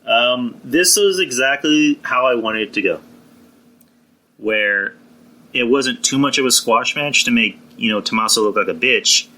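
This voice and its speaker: A man's voice: medium pitch, bright, forceful tone, low-quality recording. A young man reviewing a wrestling show on his podcast, rambling and blunt, with frequent restarts, fillers and swearing. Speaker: podcast host.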